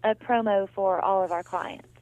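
A woman's voice: medium pitch, steady tone, moderate pace, a little mellow. An upbeat, accommodating woman receptionist heard over a thin, phone-like line. She speaks in a friendly, helpful way throughout the call.

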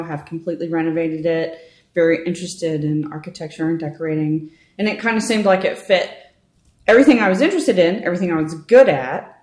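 A chatty woman in her thirties tells her story as a realtor, her voice sitting a little low. She talks with lively, filler-laced ease, and the room around her rings with echo. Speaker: realtor guest. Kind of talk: conversational interview. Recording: roomy echo.

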